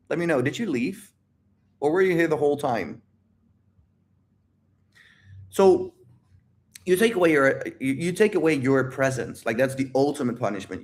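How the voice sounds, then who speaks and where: A man holding a livestream Q&A as a dating coach, talking straight to his viewers in an emphatic, repetitive way and swearing freely. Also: medium pitch. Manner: addresses viewers directly.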